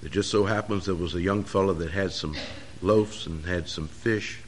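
A man preaching a sermon, pressing key phrases harder and louder as he drives each point home. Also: low-pitched, normal speed, slight background noise.

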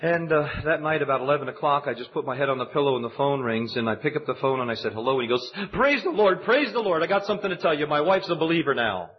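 A man preaching a sermon, telling a personal story and building to high, emphatic exhortation. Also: very fast, hardly any pauses. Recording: dull lo-fi recording.

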